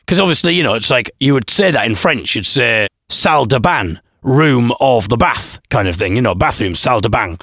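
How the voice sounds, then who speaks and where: A man's voice: medium pitch, expressive, fairly quick, fairly bright tone, dry recording. Guy hosting a podcast, jokey and self-mocking, dry sound. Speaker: podcast host. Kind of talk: casual podcast chat.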